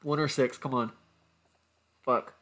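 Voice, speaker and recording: A man's voice: medium pitch, steady tone, slow, bright, forceful tone. A young man commentating his own gameplay, exasperated, swearing and groaning at his bad luck. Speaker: gaming YouTuber.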